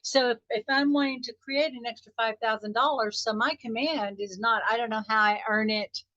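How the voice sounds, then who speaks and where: Give me a higher-voiced woman coaching a live online group, with dull lo-fi call audio. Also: steady tone, a little fast, dry recording. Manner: warm, encouraging, talks straight to listeners. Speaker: wealth mindset coach hosting a weekly group. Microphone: video call microphone.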